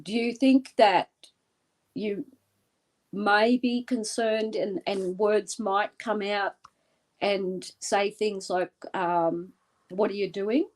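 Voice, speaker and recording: A woman from Australia, a guest in an interview, leading a guided visualization with an intense, deliberate, vivid way of telling. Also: medium pitch, steady tone.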